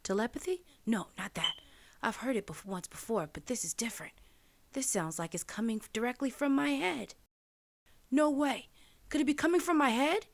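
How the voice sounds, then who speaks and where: A woman's voice: fairly high pitch, lively intonation, normal speed, pitched above the performer's own voice. A woman voicing a startled young man who has just woken up wounded, asking frightened questions. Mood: confused.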